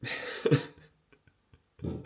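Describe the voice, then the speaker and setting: A man with an Irish accent chatting casually to camera in a running vlog. He is excitable, swears freely and keeps calling his viewers lads. He talks from a car and then outdoors in a park while running. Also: extremely slow, no room sound, poor audio. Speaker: running vlogger. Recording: loud background noise from car and outdoor traffic.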